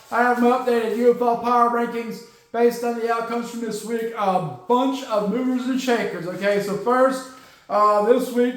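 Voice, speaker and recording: A man hosting a casual sports podcast, talking in a rambling way with many fillers and stumbling over team names. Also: sits high. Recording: very echoey room.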